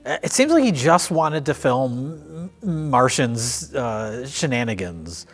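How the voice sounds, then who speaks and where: A man's voice: mid-range voice, sing-song, slow, soft background music. A middle-aged man in casual film discussion, picking apart a movie's story in a dry, analytical way. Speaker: co-host reviewing films.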